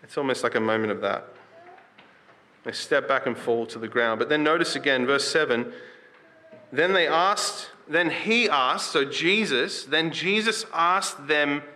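A man preaches in a fairly high, sharp-toned voice at a measured pace, speaking conversationally. Scripture is read aloud with building emphasis, and he poses questions to the congregation.

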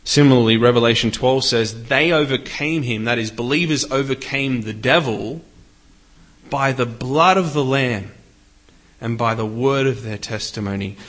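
A man's voice: mid-range voice, a bit bright. A man preaching a sermon in an earnest way, lifting his voice when he reads scripture. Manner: earnest, rises for scripture readings.

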